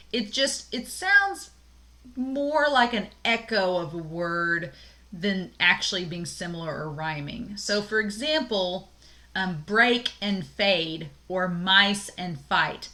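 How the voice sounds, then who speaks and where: A woman lecturing on poetry in a recorded class video, her voice bright and clear. She explains in a relaxed, chatty way, pausing with fillers and laughing lightly now and then. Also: medium pitch. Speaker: college English instructor.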